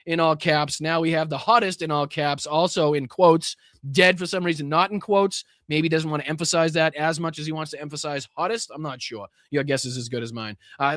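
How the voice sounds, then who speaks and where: A man's voice: on the high side, steady tone, fairly quick, few pauses, fairly bright tone, no echo, clean studio sound. A man hosting a live political rant, sarcastic and profane, laughing often and restarting his sentences. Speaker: host of a political commentary stream.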